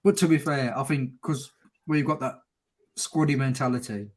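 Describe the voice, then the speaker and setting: A middle-aged Englishman talks over a video call, loud, sweary and full of laughter. His voice sits at an ordinary middle pitch. He tells his stories in a rough, unpolished way. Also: fairly even intonation, moderate pace. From England. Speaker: motovlogger chatting on a call. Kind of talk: casual chat.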